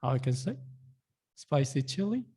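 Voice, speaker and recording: A young man teaching a casual online language lesson, repeating words slowly and often asking his viewers "guys". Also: mid-range voice, very animated, dark tone, husky.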